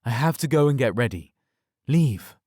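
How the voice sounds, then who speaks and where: A man's voice: mid-range voice, sing-song, normal speed, darkish tone, no room sound, clean studio sound, voice pushed up, lightly acted. A man voicing a ruthless, commanding young werewolf alpha in an audiobook, with curt delivery.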